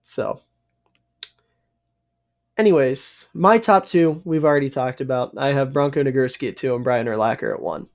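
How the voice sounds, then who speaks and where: A man's voice: medium pitch, normal speed, long pauses. A man from the East Coast of the US, hosting a casual podcast over a call. He explains his points at length in an earnest way. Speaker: podcast host. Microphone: remote call.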